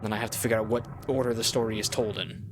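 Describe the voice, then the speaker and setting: A man's voice: lowish voice, flat delivery, fast talker, background noise. A man giving casual gameplay commentary as he plays, thinking aloud and rambling with lots of filler words. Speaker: let's play gamer.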